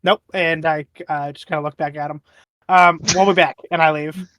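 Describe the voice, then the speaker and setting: Guy player in a tabletop game, bit high voice, haggles and jokes, dry sound. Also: fairly even intonation, moderate pace, a bit bright, dry recording. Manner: joking, bargaining. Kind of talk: casual in-character play.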